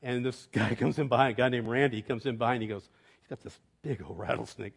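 A middle-aged male pastor delivers a sermon, swinging from soaring, emphatic proclamation to hushed storytelling punctuated by chuckles. His voice sits at medium pitch, moves fast, and sounds gravelly with a breathy edge.

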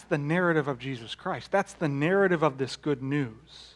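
A man delivers a sermon in a slightly high voice. He talks to the congregation conversationally and asks them rhetorical questions. He swings between loud, emphatic peaks and hushed, low-pitched lines. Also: moderate pace, hardly any pauses. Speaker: pastor.

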